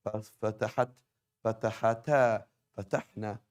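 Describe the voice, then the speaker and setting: Man, low-pitched voice, classroom teacher, patient explaining, frequent check-ins. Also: fairly even intonation, fairly quick. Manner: explains patiently, repeats and checks with "right?" and "okay?". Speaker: Arabic teacher. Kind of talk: classroom lesson on verb conjugation.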